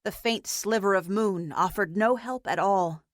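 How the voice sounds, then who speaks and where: Woman, audiobook narration, mid pitch, measured, even, dry sound. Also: dry recording.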